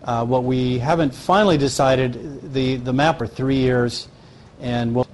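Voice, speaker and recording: A man's voice: medium pitch, fairly even intonation, unhurried, a little mellow, slight background noise. A man presenting at a live question-and-answer session, often stopping and restarting mid-sentence.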